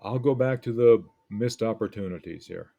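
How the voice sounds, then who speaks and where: A man teaching a lesson, picking apart an essay in a deliberate, reflective way with frequent pauses. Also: lowish voice, creaky, dark tone, lo-fi sound.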